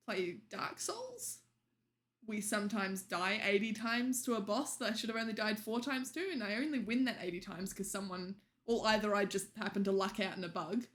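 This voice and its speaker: A woman's voice: mid-range voice, fairly bright tone. A young woman streamer chatting casually with viewers late at night, teasing them and laughing often.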